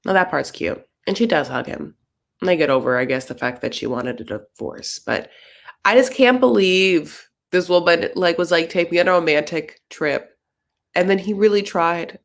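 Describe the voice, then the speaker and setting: A woman's voice: fairly low pitch, expressive, normal speed, vocal fry. A woman giving casual, sarcastic commentary on a reality show, rambling with lots of fillers.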